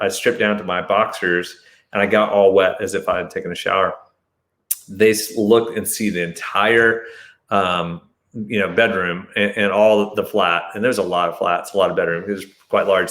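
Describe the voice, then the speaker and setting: Low-voiced man telling a tense story. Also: echoey room. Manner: animated retelling, voice jumps high when acting out shouted lines. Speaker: host telling a personal story. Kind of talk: storytelling monologue.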